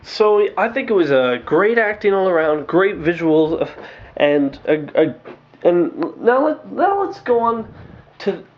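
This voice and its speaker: A man casually reviewing movies in a rambling, excitable way, full of fillers and restarts. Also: sits high. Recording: dull lo-fi home recording.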